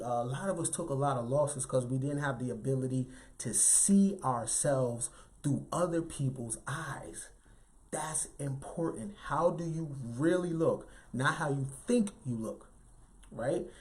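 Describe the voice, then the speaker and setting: A man giving an animated, emphatic motivational talk in a light, youthful voice, often tagging lines with "right?". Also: fairly high pitch. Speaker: motivational speaker.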